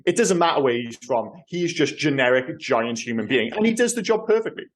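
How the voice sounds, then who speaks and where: Animated chatty male podcast host. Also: mid-range voice, brisk. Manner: animated, many fillers and restarts. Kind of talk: casual film podcast chat.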